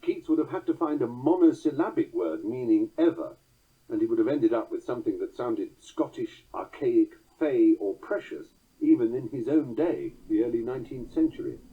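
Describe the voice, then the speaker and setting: A man reading a book on poetry aloud, measured, chanting verse rhythms and reciting quotations slowly. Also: mid-range voice, lively intonation, breathy edge. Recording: tinny phone-like sound.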